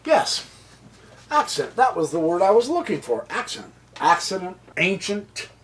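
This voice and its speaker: A man's voice: high-pitched, big pitch swings, measured pace, a bit bright, slight background noise. A tired American man giving a casual chess lesson, rambling and joking to himself between points. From United States. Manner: rambling, jokey asides, mutters to himself. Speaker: chess teacher.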